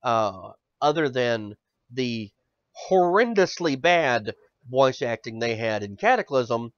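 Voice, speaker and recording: A man's voice: medium pitch, lively intonation, takes it slowly, no room sound. A male podcast host ranting in casual chat, swearing often and stammering over repeated words. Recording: dull dry lo-fi audio.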